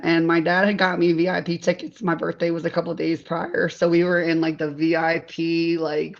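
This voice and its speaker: Chatty woman guest telling fun stories, laughs a lot, kinda muffled sound. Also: fairly low pitch. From Delaware, USA. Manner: animated storyteller, laughs often. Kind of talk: casual interview chat.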